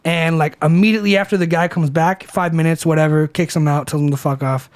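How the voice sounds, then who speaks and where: High-voiced young guy telling a bar story. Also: quick pace, clear, resonant tone. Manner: animated, profane, filler-heavy retelling. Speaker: podcast co-host. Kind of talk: casual storytelling over beers.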